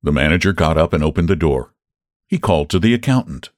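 A man reading a short story aloud as host of a literature podcast, with an expressive storytelling delivery. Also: deep voice, fast talker, no room sound, clean studio sound. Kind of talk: audiobook-style story narration.

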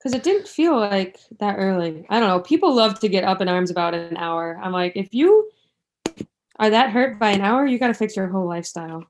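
A woman's voice: mid-range voice, animated, a little fast, slight background noise. A young woman co-hosting a casual chat podcast, vehement and profane, repeating herself for emphasis. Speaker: podcast co-host.

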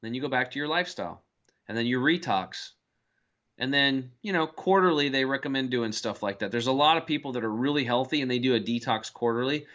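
An American man appears as a health guest in a casual interview, telling stories and acting out the voices of people he quotes. His medium-pitched voice is a bit bright and a little fast, and the recording sounds dull and lo-fi.

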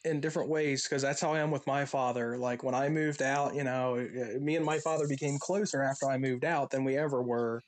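A man's voice: medium pitch, fairly quick, few pauses. A young adult man co-hosting a casual podcast, telling personal stories animatedly and acting out the people he quotes. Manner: animated storyteller, acts out quoted voices. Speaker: podcast co-host.

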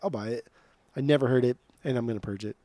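A man's voice: medium pitch, fast talker, warm tone, no room sound. A young man co-hosting a casual chat, blunt and profane, often repeating words as he starts a sentence. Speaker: podcast co-host.

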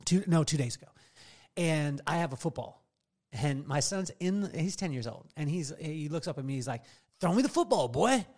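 A man's voice: on the high side, moderate pace, a little mellow. A middle-aged man hosting a podcast in casual chat, telling jokey stories and laughing often. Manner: joking storyteller, laughs often. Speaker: podcast host.

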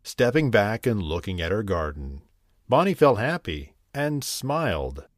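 A man narrating a bedtime story, gentle and very slow. His voice sits fairly low but moves through lively swings in pitch. The sound is dry and close, with no room around it. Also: dry recording. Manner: gentle, unhurried, expressive reading.

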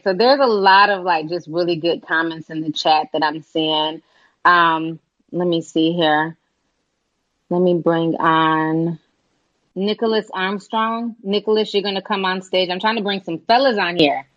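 A woman's voice: lowish voice, steady tone, a little slow, a bit bright, dry recording, dull audio. A woman hosting a live call-in stream, chatting casually with callers and reading the chat, calling people honey. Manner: chatty, calls listeners honey.

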